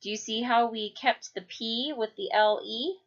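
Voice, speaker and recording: A woman teaching a children's phonics lesson, speaking clearly and drawing out each syllable. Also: fairly high pitch. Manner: slow, clear, stretching out syllables. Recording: dull lo-fi recording.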